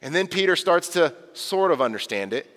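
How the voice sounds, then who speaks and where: Earnest, animated male pastor preaching. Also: on the high side, normal speed, big-room sound. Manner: earnest, animated, acts out quoted voices. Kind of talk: sermon.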